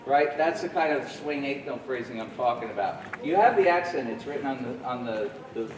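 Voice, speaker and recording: A man's voice: mid-range voice, lively intonation, brisk, a little hiss or hum. A man in his forties coaching a middle school jazz band in a friendly way, scatting rhythms aloud as he teaches. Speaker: guest jazz clinician. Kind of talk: band rehearsal instruction. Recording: echoey room from far off.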